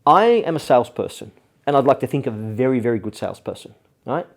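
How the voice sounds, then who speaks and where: A man's voice: medium pitch, lively intonation, quick pace, vocal fry. A man hosting a business advice show, talking energetically and persuasively, often ending points with "okay?". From Australia. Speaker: host.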